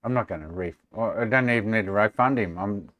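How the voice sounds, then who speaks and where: Aussie bloke on a stream, sarcastic and sweary, dry close mic. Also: male voice, lowish voice, fast, fairly bright tone, no room sound. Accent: Australian. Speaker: live streamer. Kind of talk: casual chat with viewers. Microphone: desk microphone.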